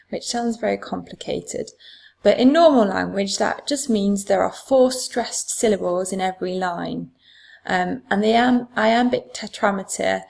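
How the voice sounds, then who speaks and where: A woman's voice: mid-range voice, vocal fry. A woman teacher, patiently explaining a poem for exam revision with frequent fillers. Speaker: English teacher.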